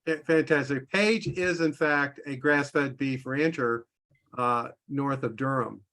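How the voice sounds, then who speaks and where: A man's voice: medium pitch, fairly even intonation, slow, fairly bright tone. A man hosting a casual group call over video chat, chatty and friendly, with frequent restarts. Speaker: workshop host.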